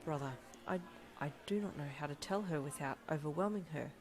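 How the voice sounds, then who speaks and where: A woman's voice: deep voice, a little fast, natural voice. A woman voicing a stiff, formal young man. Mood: earnest, dejected. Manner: formal, precise phrasing without contractions. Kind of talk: fanfiction audiobook reading.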